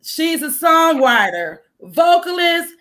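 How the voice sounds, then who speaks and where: A woman hosting a live stream show over a video call, effusive and excited as she welcomes each guest. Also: extremely high pitch, slow pace, poor audio. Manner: excited, effusive, laughing and shouting greetings. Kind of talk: enthusiastic live stream introductions.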